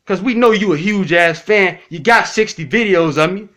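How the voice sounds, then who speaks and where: A man's voice: sits high, normal speed, bright, forceful tone. A man talking casually and bluntly to his critics in a response video, repeating himself and cursing freely. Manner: blunt, repetitive, profane, addresses critics directly. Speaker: YouTube commentator.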